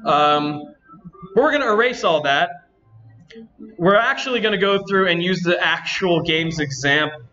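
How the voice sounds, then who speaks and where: A man's voice: high-pitched, animated, measured pace, bright, forceful tone, highs cut off, soft background music. A man hosting a convention panel, chatting to the audience and thinking aloud as he works. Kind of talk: live demo to an audience.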